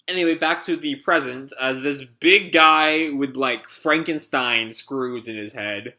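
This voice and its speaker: A man's voice: medium pitch, a little slow, few pauses, pushed and bright. A young man recapping a comic chapter live, rambling with many "like" and "uh" fillers. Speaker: channel host reacting to a comic chapter.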